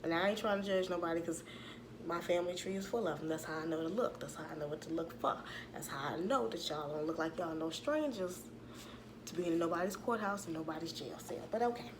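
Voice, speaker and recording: A woman, giving a sassy, animated recap of a reality show in casual commentary. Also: lowish voice, fairly quick, noisy background. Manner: sassy, animated retelling with acted-out quotes.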